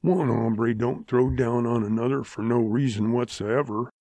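A man voicing a grumbling, irritable old one-legged rancher with a gruff western drawl. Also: medium pitch, measured pace, mellow, no room sound. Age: older.

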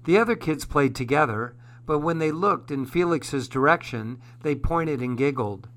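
A man hosting a program, reading a children's story aloud in a gentle, measured way. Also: a little high, lively intonation.

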